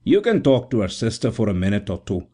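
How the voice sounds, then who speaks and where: Man doing a gruff kindly doctor. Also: fairly low pitch, big pitch swings, fast, warm tone. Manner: rough and kindly. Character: gruff good-natured Scottish town doctor.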